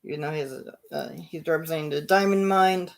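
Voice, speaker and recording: A man hosting his own show, narrating imagined wrestling action in a casual play-by-play, punctuated with loud sound-effect bursts. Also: a little high, normal speed, gravelly. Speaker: show host.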